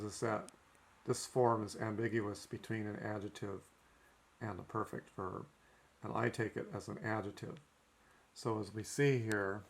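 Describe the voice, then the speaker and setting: Guy w a lowish voice teaching a language lesson, steady, lots of okays. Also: creaky. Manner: methodical, frequent "okay" between points.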